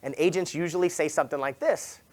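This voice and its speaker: A man from Southern California giving a motivational talk at a sales summit, telling stories casually, full of "like" and "right?", and acting out quoted lines with sudden loud jumps. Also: fast talker. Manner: animated, acts out quoted dialogue with big jumps in pitch and volume. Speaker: real estate agent speaking at a sales summit. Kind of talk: energetic motivational keynote storytelling.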